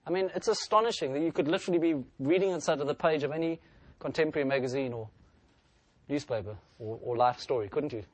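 A man's voice: on the high side, fast. A man preaching a sermon in an earnest style, lifting his voice when he reads scripture aloud.

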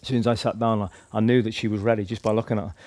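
A man's voice: lowish voice, level tone, very fast, darkish tone, no room sound. Rambling man telling faith stories. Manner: rambling, heavy use of "like" and "you know", restarts. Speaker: street evangelist. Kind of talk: casual storytelling testimony.

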